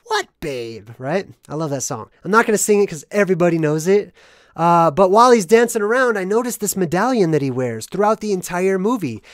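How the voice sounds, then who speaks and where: A chatty video host talks at a medium pitch in a loose, rambling monologue, sprinkling "right?" after every point. The voice swings between loud, excited bursts and mumbled asides. The recording is dry and close, with no room echo. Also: fairly quick. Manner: rambling, constant "right?" tag questions. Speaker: movie analysis vlogger. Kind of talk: casual monologue explaining hidden meanings.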